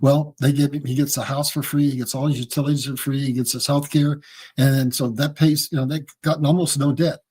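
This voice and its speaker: A man with a husky voice speaking as an interview guest, explaining in a folksy, emphatic way and addressing listeners as "folks.". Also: mid-range voice, level tone, fairly quick, darkish tone. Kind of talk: casual explanatory interview talk.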